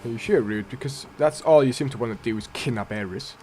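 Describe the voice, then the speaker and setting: A man's voice: mid-range voice, quick pace, warm tone, slight background noise. A man hosting a let's play, giving casual, rambling gameplay commentary that often corrects itself. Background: faint game music.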